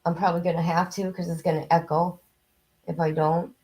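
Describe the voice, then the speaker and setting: A hoarse woman hosting a live stream, chatting casually and greeting her viewers by name. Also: lowish voice, level tone, a little fast, a little mellow. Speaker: livestream host. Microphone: new desk microphone, headset off.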